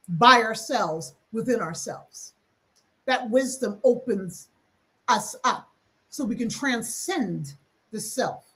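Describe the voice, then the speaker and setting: A woman hosting a reflective teaching talk, speaking emphatically and acting out quick asides. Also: on the high side, a bit bright. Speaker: host.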